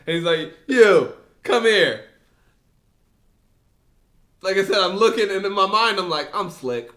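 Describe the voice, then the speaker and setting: A man co-hosting a podcast, telling a story casually, animated and laughing as he acts out voices. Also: high-pitched, fairly quick. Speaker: podcast co-host.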